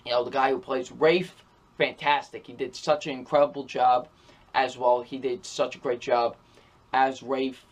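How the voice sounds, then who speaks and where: A man's voice: mid-range voice, flat delivery, moderate pace. Enthusiastic young man gushing about a game. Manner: enthusiastic, repetitive praise with many fillers. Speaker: video reviewer. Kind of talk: casual video game review.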